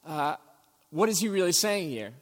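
Male pastor, fairly high voice, long church echo, sermon delivery. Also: sing-song, moderate pace. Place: church sanctuary.

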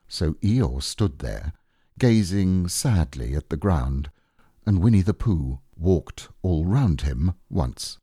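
A man reads a storybook in a very deep, mellow voice. His pace is slow and unhurried, and his pitch rises and falls with lively expression. He is recorded on a close mic in a dry, dead room. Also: breathy edge, no echo. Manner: slow and unhurried, gentle phrasing. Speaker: audiobook reader. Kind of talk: storybook narration.

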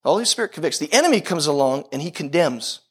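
A man's voice: a little high, big pitch swings, fast, slightly rough. A man preaching a sermon to a congregation in a conversational way, often repeating phrases for emphasis. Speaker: pastor.

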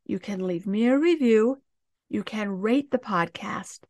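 Gentle, calm woman podcast host. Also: mid-range voice, unhurried, no room sound, clean studio sound. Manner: calm, gentle guided-meditation delivery. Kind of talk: guided self-help podcast.

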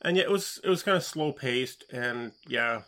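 A middle-aged man co-hosting a podcast in casual chat, talking in a hesitant, halting way and often restarting his sentences. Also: mid-range voice, expressive, sharp tone. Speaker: podcast co-host.

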